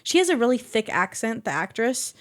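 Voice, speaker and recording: A young woman on a podcast panel, retelling a movie's plot in a casual, animated way. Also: a little high, fairly quick. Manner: animated retelling with acted quotes and laughs. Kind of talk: casual chat.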